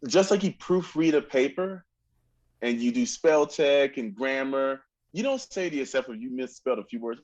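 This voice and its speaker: A man's voice: mid-range voice, animated, moderate pace, a little mellow, dull audio. A man coaching a student in a masterclass, singing phrases to demonstrate, exacting and encouraging. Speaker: oboe teacher.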